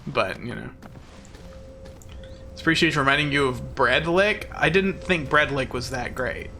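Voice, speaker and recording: Young male game streamer, bright and gravelly, rambling and goofy. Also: medium pitch, normal speed, soft background music. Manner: rambling, self-mocking and goofy. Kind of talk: casual gameplay chatter.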